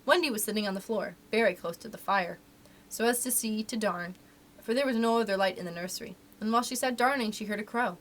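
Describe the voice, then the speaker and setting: A woman reading a children's book aloud for a library storytime, with expressive, animated delivery. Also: medium pitch, fast.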